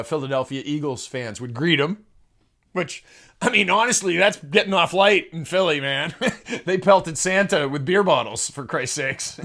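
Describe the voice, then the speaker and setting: A man's voice: fairly high pitch, a bit bright. A man hosting a comedic sports monologue, crude and sarcastic, who swears freely and chuckles at his own jokes. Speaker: host.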